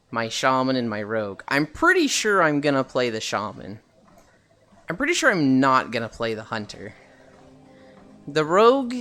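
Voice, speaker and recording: A man's voice: mid-range voice, pushed and bright. A man streaming while walking, chatting casually about a video game with lots of fillers and casual swearing.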